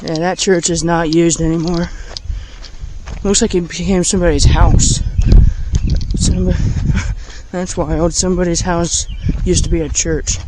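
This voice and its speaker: A man's voice: on the high side, level tone, measured pace, background noise. A man chatting casually to his viewers while walking around a small riverside town with a handheld camera, easily amazed by what he sees. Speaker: vlogger.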